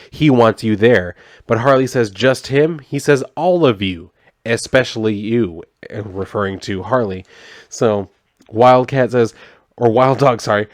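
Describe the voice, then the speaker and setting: A young man with a lowish voice casually recaps a comic book, chatting loosely with lots of "like" and some swearing while half-acting the characters' lines as he reads them aloud. The sound is dry and clean, studio-quality.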